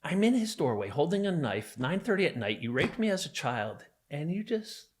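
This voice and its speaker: On the high side and sing-song at a moderate pace, this middle-aged New Jersey man tells a podcast an intense, emphatic story. It is a vivid retelling of a violent memory of his own.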